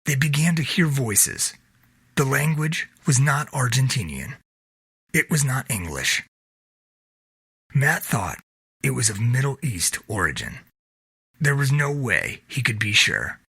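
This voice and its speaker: A man narrating his own novel in a steady storytelling read. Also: medium pitch, measured pace, pauses often, husky, no echo. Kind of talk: reading a self-published novel aloud.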